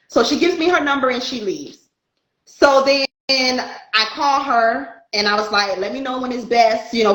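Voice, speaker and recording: A woman's voice: medium pitch, roomy sound, rough recording. A woman, a spiritual light worker, telling a story in casual chat and acting out the dialogue. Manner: animated, acts out dialogue in her story.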